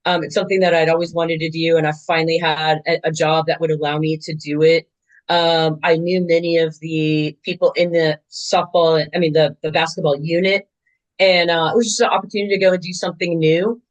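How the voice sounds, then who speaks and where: A woman in her sixties, a veteran softball umpire, telling game stories in a chatty, animated way with lots of fillers. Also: low-pitched, a little fast, muffled recording. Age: 60s. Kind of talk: casual interview storytelling.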